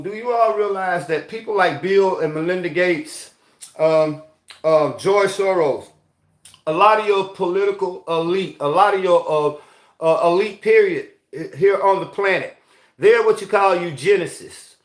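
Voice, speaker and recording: A man's voice: high-pitched, a bit bright, echoey room. A man hosting a rambling, heated commentary monologue, often asking "you see what I'm saying". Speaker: host.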